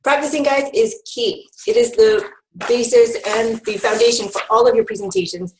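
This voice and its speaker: A woman's voice: a little high, steady tone, moderate pace, a little mellow, a little hiss or hum. Upbeat woman teaching in an echoey room. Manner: upbeat instructive, frequent ums. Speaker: health educator presenter. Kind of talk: online training presentation.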